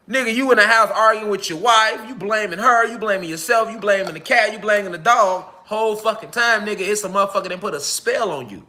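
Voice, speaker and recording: Fervent high-voiced man ranting. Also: a little fast, hardly any pauses, pushed and bright. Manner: rambling, repetitive, fervent. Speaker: social media commentator. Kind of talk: profane casual monologue.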